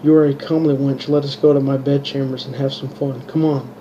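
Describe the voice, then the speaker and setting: A man's voice: medium pitch, little pitch movement, brisk, dark tone, a little hiss or hum, lightly acted. A man voicing a drunken, lecherous man at an inn, in a dull lo-fi recording. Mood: leering.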